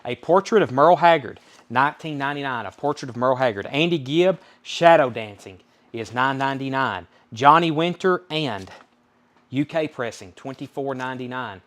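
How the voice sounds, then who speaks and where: A man with a Southern US accent runs a live record sale. He reels off album titles and prices in an easygoing, folksy patter at a middle pitch. Between items he calls out the names of buyers. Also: animated, normal speed, a bit bright. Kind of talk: live-stream sales patter.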